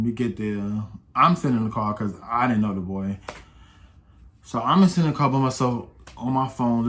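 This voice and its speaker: A young man casually telling a personal story to camera in loose slang, getting louder and livelier when he quotes the people in it. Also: lowish voice. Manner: slangy, animated when quoting others. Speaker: storytime vlogger.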